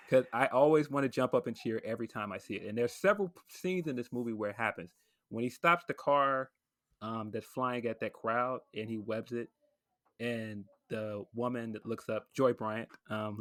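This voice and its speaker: A man's voice: lowish voice, a bit bright, no echo. A man hosting a casual podcast, gushing enthusiastically about a film and comparing it to wrestling. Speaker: podcast host.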